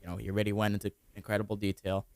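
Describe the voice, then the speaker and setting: A man's voice: on the low side, monotone, racing, a little mellow, no echo. A young adult man co-hosting a podcast, chatting casually with teasing interjections. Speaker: podcast co-host. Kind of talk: casual chat.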